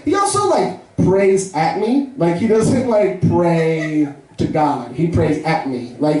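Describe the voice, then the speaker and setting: A man telling stand-up stories and acting out quotes in a deadpan way. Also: high-pitched. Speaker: stand-up comic. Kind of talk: stand-up set. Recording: echoey club from a distance.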